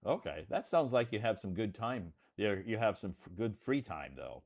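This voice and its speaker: An American man hosting a casual chat, talking in a friendly, slow way and repeating things back to make them clear. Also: on the low side, big pitch swings. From United States. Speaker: host.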